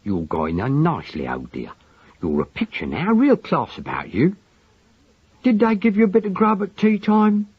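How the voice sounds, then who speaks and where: A man voicing a truculent middle-aged Cockney manservant with a husky, grumbling, slangy delivery, on a dull lo-fi recording. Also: fairly low pitch, wildly swooping pitch, unhurried, dry recording, full character voice. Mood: coaxing.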